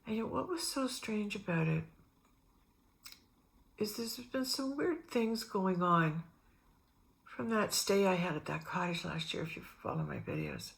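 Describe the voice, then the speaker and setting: This middle-aged woman's voice is medium-pitched and gravelly; she talks at a measured pace and pauses often. On her spiritual vlog she drifts through rambling personal stories, re-enacting the people in them with animated quoted voices.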